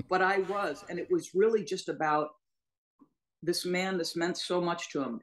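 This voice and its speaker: A woman's voice: lowish voice, moderate pace, poor audio. Emotional woman sportscaster recalling stories. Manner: emotional, storytelling. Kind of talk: panel discussion.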